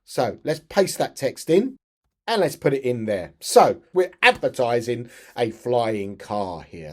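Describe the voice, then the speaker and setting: A man narrates a software walkthrough for teachers. He talks in a casual, step-by-step way and often restarts his sentences. His voice sits at an ordinary mid pitch. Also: very animated, measured pace. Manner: chatty, step-by-step, frequent restarts. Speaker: tutorial presenter for teachers. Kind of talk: screen-share tutorial narration.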